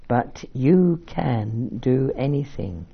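A man's voice: mid-range voice, animated, slow pace, vocal fry, breathy edge. A man giving a sermon-style bible teaching, reading verses aloud and commenting on them with fillers and asides. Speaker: preacher. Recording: muffled lo-fi recording.

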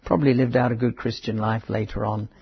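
A man preaching a conversational Bible teaching, halting, with restarts and asides. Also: fairly low pitch, level tone. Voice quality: very husky. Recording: dull lo-fi sermon recording.

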